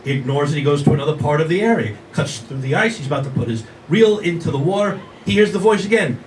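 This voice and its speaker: Older male stand-up comic, slightly high voice, self-deprecating wisecracks, recorded from a distance with a noisy room. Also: lively intonation. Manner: wisecracking, self-deprecating, quick asides to the crowd. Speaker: stand-up comedian. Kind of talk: stand-up comedy set. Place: comedy venue with a live audience. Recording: distant room sound with noticeable background noise.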